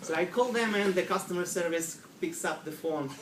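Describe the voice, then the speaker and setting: A middle-aged man with a Russian accent tells a comic story to a live audience in slightly broken English. His delivery is animated, and he acts out other people's lines. He is recorded from far off in an echoey room with noisy ambience. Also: high-pitched, moderate pace. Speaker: speaker telling a humorous story to an audience. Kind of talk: humorous storytelling speech.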